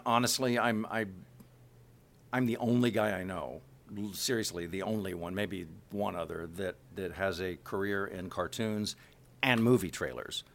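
This low-voiced man, a middle-aged voice actor out of Kansas City, USA, chats through an interview at a moderate clip, with a faint hiss or hum on the recording. Lively throughout, he breaks into character voices in the middle of sentences.

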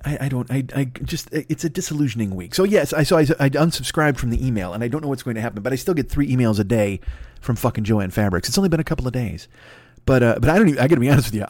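A man's voice: medium pitch, a little mellow, no room sound, clean studio sound. A man in his fifties ranting alone at a desk, rambling, exasperated and full of swearing. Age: 50s. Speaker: podcast host. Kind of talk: solo comedic rant.

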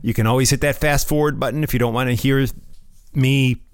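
A middle-aged American man hosts his own solo podcast, rambling casually and often restarting his sentences. His mid-range voice is smooth and fairly quick with fairly even intonation. He recorded it on a phone in a room at home, with no echo.

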